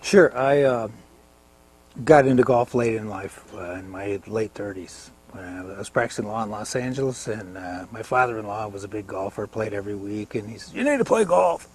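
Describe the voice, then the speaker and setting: A man's voice: lowish voice, moderate pace, slightly rough. An older American man telling rambling golf stories in a casual interview, chuckling now and then. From United States. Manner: rambling anecdotal storyteller with chuckles.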